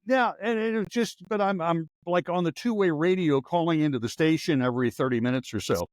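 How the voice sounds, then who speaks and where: An older man who hosts a podcast and once read radio news tells rambling anecdotes with wry asides in a casual storytelling chat. His fairly high voice moves fairly quickly, captured with dry, close sound and no echo.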